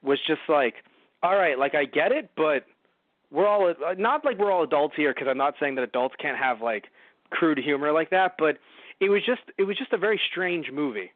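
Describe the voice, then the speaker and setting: Man, podcast co-host, rambling, sarcastic, fairly high voice, dry tinny sound. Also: lively intonation, normal speed, dry recording. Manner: rambling, sarcastic, swears freely. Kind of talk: casual movie review chat.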